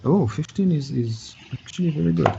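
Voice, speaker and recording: A man running a tabletop game as game master, narrating haltingly with many fillers and thinking aloud. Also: fairly high pitch, lively intonation, vocal fry, background noise. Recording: muffled lo-fi voice chat.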